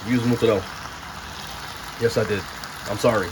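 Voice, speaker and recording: A man's voice: mid-range voice, lively intonation, fairly quick, long pauses, background noise. A young man chatting casually to viewers in a cooking and mukbang vlog, full of slang and asides. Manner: chatty, slangy, addresses viewers as y'all and bro. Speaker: food vlogger.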